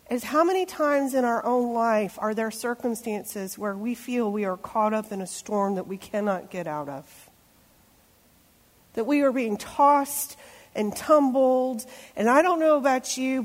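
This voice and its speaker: A woman pastor preaching a sermon, telling a story and acting out voices, sometimes dropping to a hushed tone. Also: fairly high pitch. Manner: storytelling, acts out voices, drops to hushed tones. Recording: long hall reverb.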